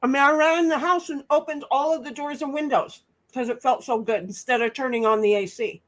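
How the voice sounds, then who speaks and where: A woman's voice: high voice, brisk, fairly bright tone. A woman hosting a livestream in casual, rambling chat, talking while she eats. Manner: rambling, chatty, talks while eating. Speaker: livestream host.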